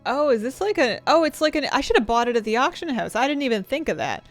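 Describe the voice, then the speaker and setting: A woman's voice: high voice, sing-song, fast, soft background music. A woman, chatting casually as a game streamer, thinking aloud and laughing often. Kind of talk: casual gameplay commentary.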